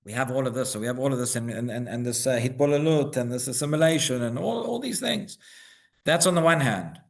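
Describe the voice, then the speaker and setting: Brisk and animated, a gravelly man of medium pitch leads his congregation through the weekly Torah reading at the synagogue. He builds every point by repeating words, firing off rhetorical questions, and asking "right?"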